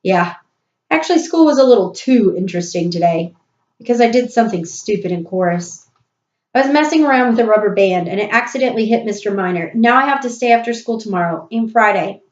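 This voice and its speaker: A woman's voice: medium pitch, animated, a little fast, lightly acted. A woman voicing a young schoolboy, sheepish and sly, talking in a fretful hurry. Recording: roomy, dull recording.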